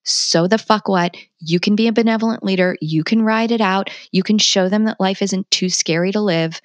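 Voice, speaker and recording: A middle-aged woman speaks candidly as a podcast guest. She is passionate and blunt, swearing freely. Her voice sits at a middle pitch and is recorded close and dry. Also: normal speed, no echo, highs cut off. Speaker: podcast guest, parenting coach. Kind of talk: candid conversational interview.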